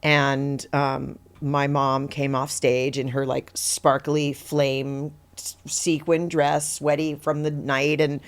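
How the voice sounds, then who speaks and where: A middle-aged woman, an actor guest on a podcast, telling stories in a lively, conversational way and acting out the quotes in them. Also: sits low, takes it slowly. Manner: animated, acts out quotes in her story, laughs easily. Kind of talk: conversational interview storytelling.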